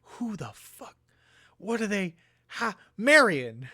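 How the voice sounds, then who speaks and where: A man's voice: high voice, very animated, slow, sharp tone, dry recording, studio quality. A young man hosting a let's play, reacting with dramatic, exaggerated outrage and sorrow in casual gameplay commentary.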